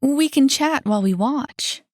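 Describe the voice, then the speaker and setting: A woman voicing a brisk, friendly woman who manages a club, emphatic and quick to exclaim. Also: high-pitched, lively intonation, no echo, clean studio sound, pitched above the performer's own voice.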